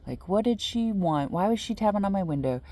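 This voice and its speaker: A woman's voice: medium pitch, animated, brisk, dark tone. A woman vlogging from inside her car, casually telling a story to the camera with lots of "like" and "you know".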